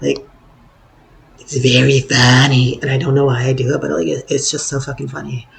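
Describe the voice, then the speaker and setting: A hoarse young man rambling through a personal story in a wry, self-deprecating way. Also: mid-range voice, flat delivery, fairly quick. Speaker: vlogger.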